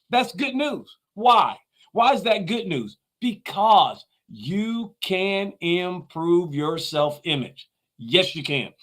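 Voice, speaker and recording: Guy with a high voice doing a motivational talk, punchy, keeps repeating himself. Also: a bit bright. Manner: emphatic, repeats key phrases. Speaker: motivational speaker.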